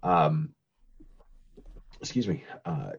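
A man's voice: extremely low pitch, animated, extremely slow, gravelly, breathy edge, muffled recording. A man co-hosting a podcast, casually recapping a movie in a rambling, giggly way with lots of fillers and restarts. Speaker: podcast co-host recapping a film.

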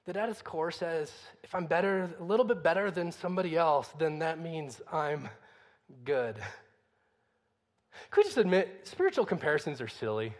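Pastor guy with a pretty high voice, chatty preaching, lots of questions, echoey hall sound. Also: expressive, normal speed. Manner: conversational preaching, rhetorical questions. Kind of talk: sermon.

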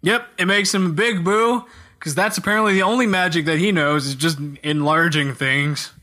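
A man co-hosting a casual gaming podcast, jokey and animated, often slipping into silly voices. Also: sits high, normal speed. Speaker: podcast co-host.

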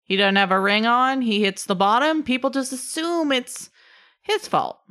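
A woman voicing a scheming male gnome thug who bargains bluntly to betray his family, with halting fillers. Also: on the high side, a bit bright, pitched above the performer's own voice, lightly acted.

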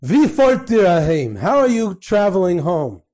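A man's voice: high voice, big pitch swings, a little slow, a little mellow, pitched above the performer's own voice. A man voicing a stern, fiery elderly rabbi who speaks with Yiddish phrases and grows exasperated.

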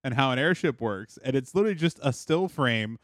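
A man's voice: mid-range voice, expressive, fairly quick, fairly bright tone, no room sound, clean studio sound. Amused man co-hosting a podcast. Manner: amused, laughs as he recounts. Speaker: podcast co-host. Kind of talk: casual podcast chat.

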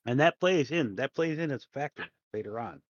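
A man adds quick, wry comments to a friend's story on a podcast, swearing casually. His pitch swings in a lively way. The sound is dry and a bit muffled. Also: dry recording. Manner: chiming in with wry, profane asides. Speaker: podcast co-host. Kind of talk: casual chat.

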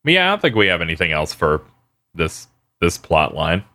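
A man with a bright, forceful voice chats loosely about an animated show with friends. He jokes, swears freely and drops into quick impressions of characters, keeping things relaxed and irreverent. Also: sits low. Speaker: podcast co-host. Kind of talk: casual chat reviewing a show.

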